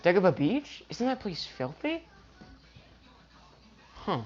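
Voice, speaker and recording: A woman's voice: fairly low pitch, big pitch swings, slow pace, a little mellow, dull audio, soft background music. A woman improvising a fan-fiction story aloud, rambling with lots of restarts and fillers. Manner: rambling, full of "you know" and restarts.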